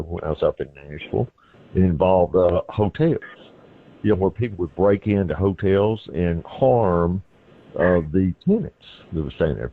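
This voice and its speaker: A middle-aged man with a Southern accent, a lawyer giving plain-spoken, folksy legal advice by phone on a call-in radio show. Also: low-pitched. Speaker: constitutional lawyer, legal guest. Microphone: phone line into studio. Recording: tinny phone line.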